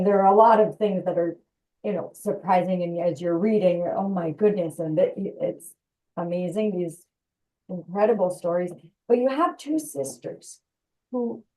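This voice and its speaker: A woman's voice: mid-range voice, dark tone, far from the mic, poor audio. A woman rabbi hosting a video call, asking long, searching questions with many restarts and "you know"s.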